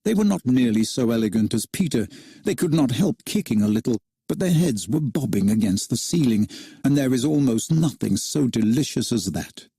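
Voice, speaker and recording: A man narrating a children's storybook aloud in an expressive, animated reading style. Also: medium pitch, moderate pace, gravelly, breathy edge, dry recording, clean studio sound.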